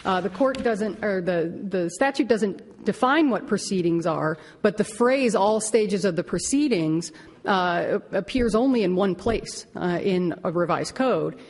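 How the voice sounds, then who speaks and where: A woman attorney making a measured oral argument before a court, often restarting phrases. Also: mid-range voice, lively intonation. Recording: long reverb of a courtroom.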